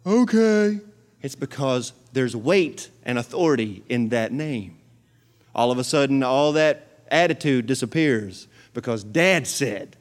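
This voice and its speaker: A middle-aged man preaching a sermon, animated and swinging into loud, fervent prayer. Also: medium pitch, a little slow. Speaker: pastor.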